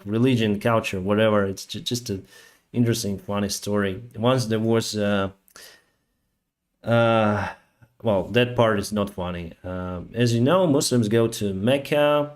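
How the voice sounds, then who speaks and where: A man's voice: on the low side, unhurried. A man hosting a live stream, telling stories in a loose, rambling way with many fillers. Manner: rambling, with frequent fillers and acted-out quotes. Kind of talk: casual live-stream storytelling.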